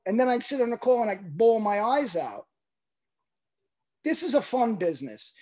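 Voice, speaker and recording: A man in his forties giving an emotional, emphatic testimonial pitch on a video call. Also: sing-song, normal speed, darkish tone. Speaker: product promoter on a video call.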